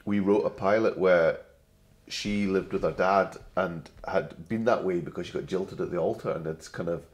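A man with a soft Glasgow accent and a slight English polish speaks in a deep, low register. He talks as an interview guest and tells anecdotes at an easy conversational pace. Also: normal speed. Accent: gentle Glasgow, slightly anglicised. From Glasgow, Scotland. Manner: chatty anecdotal storyteller. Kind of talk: casual interview chat.

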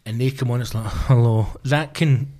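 A man's voice: mid-range voice, brisk, darkish tone. Swearing Glaswegian man telling stories. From Scotland. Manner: swears a lot, acts out voices in anecdotes. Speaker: comedian guest. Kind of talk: casual podcast chat.

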